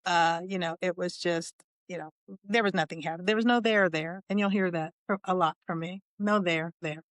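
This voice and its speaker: A woman's voice: lowish voice, fairly quick, dry recording. Candid, chatty woman in her sixties. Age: 60s. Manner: humorous and candid, laughs often, chatty asides. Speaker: podcast host. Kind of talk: candid storytelling.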